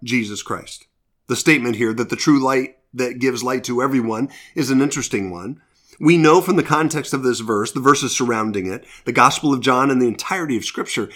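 A man's voice: mid-range voice, a bit bright. Earnest male preacher telling a story. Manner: earnest storytelling, shifting pace for emphasis. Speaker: pastor. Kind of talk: sermon.

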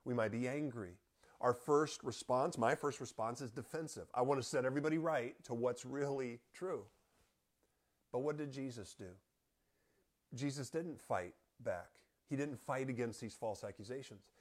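Guy teaching bible study, reads a passage then explains it, earnest and steady, talks straight to the group. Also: mid-range voice. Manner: earnest, measured explanation addressed to listeners. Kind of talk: scripture reading and Bible teaching.

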